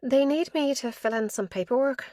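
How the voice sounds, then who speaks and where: A fragile young woman worn down by grief, tearful and hesitant, as a woman narrator puts her on. Her voice sits higher and softer than the narration. The recording is close and dry, like a studio audiobook. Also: normal speed, dry recording, lightly acted. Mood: grieving.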